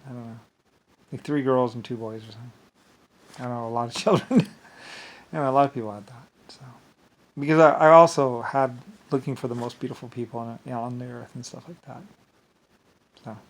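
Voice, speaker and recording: Man, mid-range voice, meandering vlog monologue, frequent laughs. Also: mid-range voice. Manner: meandering, laughs often, keeps saying "anyway". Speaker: vlogger. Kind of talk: rambling monologue.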